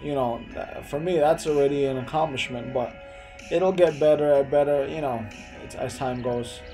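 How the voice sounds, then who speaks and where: A man's voice: fairly high pitch, steady tone, normal speed, mellow, faint music behind, poor audio. Laid-back young man. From Hempstead, New York. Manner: loose, rambling, laughs often, answers chat. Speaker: live streamer. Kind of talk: casual live-stream chat.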